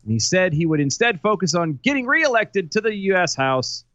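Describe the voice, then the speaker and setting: A man's voice: high-pitched, sing-song, moderate pace, fairly bright tone, no echo. A man co-hosting a casual political talk show who rambles, hunts for words and goes on rants. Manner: rambling, searches for words, ranting. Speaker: co-host. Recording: dull, lo-fi dry sound.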